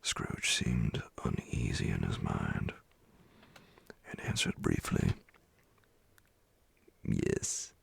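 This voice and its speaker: A man tells a bedtime story in a soft whispered role-play. His whisper is deep, gravelly and very breathy. The pace is slow and the sound is dry and close.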